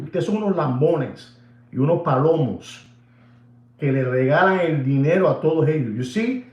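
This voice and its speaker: Animated man ranting in an echoey room. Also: a little high, normal speed, dull audio. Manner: animated, repetitive, switches into Spanish phrases. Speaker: watch channel host. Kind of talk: casual rant to camera.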